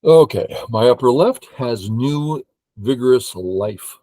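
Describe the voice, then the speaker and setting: An older Go teacher plays a game while thinking aloud excitedly, humming and counting under his breath. His voice is medium-pitched and slow, in a dry recording of poor audio quality.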